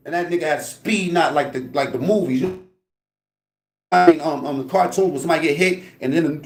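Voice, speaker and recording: A man's voice: on the high side, a little fast, echoey room. A man telling a story from prison in a casual, profane way, acting out the sounds with lots of "you know what I mean". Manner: animated, profane, acts out voices and sounds, many fillers.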